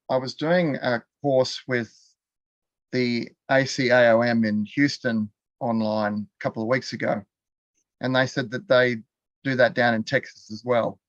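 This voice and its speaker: An Australian man with a mid-range, slightly bright voice teaches a live online continuing education class from his computer. He talks chattily, laughs often and quizzes viewers in the chat, over lo-fi audio with no echo.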